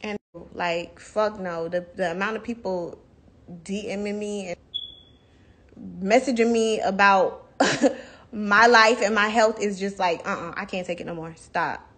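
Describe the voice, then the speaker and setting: Her voice is medium-pitched with a fairly bright tone, and she talks at a slow pace. She's a young livestream host swearing and ranting bluntly into her phone in a heated, casual way.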